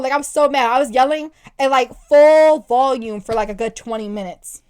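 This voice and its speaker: A young woman co-hosting a podcast, telling a story in casual chat with animated, profane ranting. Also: sits high, quick pace, few pauses, smooth. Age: young adult. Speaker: podcast co-host.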